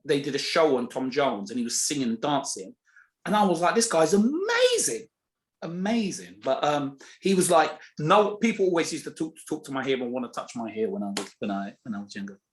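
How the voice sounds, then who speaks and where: A male comedian chats as a podcast guest, telling an anecdote with a voice that swoops all over its range. He jumps up high to act out what people said and drops back to a mid-pitched, ordinary tone. It is a relaxed, conversational storytelling delivery. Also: a little fast. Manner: animated, acts out quoted voices with big pitch jumps. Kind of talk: casual storytelling.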